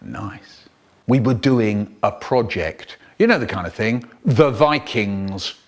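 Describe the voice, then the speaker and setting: A man telling a school story to children in an animated, theatrical way. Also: slow pace. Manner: animated, theatrical storytelling with sudden jumps in pitch. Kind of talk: storytelling for children, cut up in a remix.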